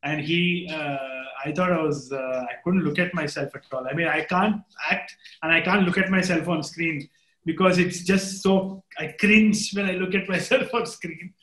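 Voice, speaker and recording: Animated Indian man in an echoey room. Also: fairly high pitch, normal speed. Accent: Indian English. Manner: animated storytelling, swears casually, quotes others. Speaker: interview guest, film director. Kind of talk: casual video chat.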